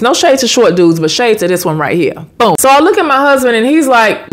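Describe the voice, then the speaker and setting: A woman from the United States telling a personal story in a casual storytime vlog, slangy and animated, with sudden high exclamations. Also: fairly quick, hardly any pauses.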